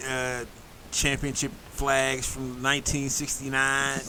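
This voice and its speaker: A man's voice: medium pitch, monotone, slow, bright, forceful tone, slight background noise, poor audio. A man co-hosting a casual sports podcast, joking loosely and trash-talking rival teams. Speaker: podcast co-host.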